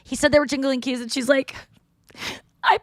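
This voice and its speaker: A woman's voice: sits high, steady tone, normal speed, no echo. Woman podcast host rambling thru a story, does little voices, dry close sound. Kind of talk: casual chat.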